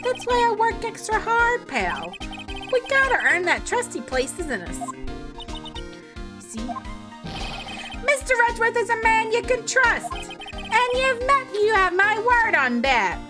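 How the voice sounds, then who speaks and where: Woman doing a gruff folksy male detective. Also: very high-pitched, very animated, a little slow, long pauses, over music, pitched above the performer's own voice, full character voice. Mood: earnest. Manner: folksy, calls people pal. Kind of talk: reading game dialogue aloud.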